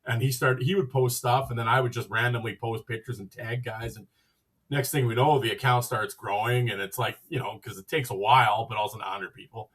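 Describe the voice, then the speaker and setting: A man hosts a podcast and tells a loose, rambling story, slipping into the other people's lines as he goes. His voice is husky, at a middle pitch for a man. He sits a little back from the microphone. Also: fairly even intonation, fairly quick, fairly bright tone, far from the mic. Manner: rambling, acts out quoted dialogue with "I'm like". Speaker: podcast host. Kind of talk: casual storytelling.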